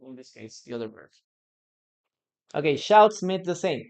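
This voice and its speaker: An English teacher who speaks Spanish natively, giving a live online lesson, explaining slowly with frequent hesitations and repeated phrases. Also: mid-range voice, expressive, a little mellow.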